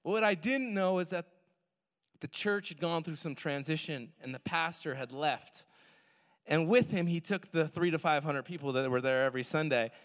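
A young man telling a personal story in a sermon, animated, swinging from loud to hushed. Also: on the high side, moderate pace. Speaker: worship pastor. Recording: long hall reverb.

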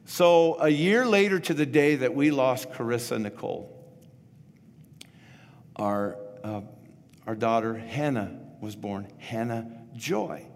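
A man's voice: medium pitch, expressive, slow pace, pauses often. Pastor in his 50s, echoey church. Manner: casual, rambling, with frequent restarts. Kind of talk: sermon. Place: church sanctuary.

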